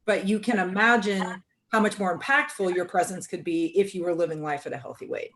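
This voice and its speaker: This is a woman hosting a conversational podcast. She speaks in a reflective, unhurried way and often restarts her sentences as she searches for the words. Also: fairly low pitch, steady tone, a bit bright. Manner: reflective, with many restarts and "I mean". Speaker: podcast host. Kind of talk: casual conversation.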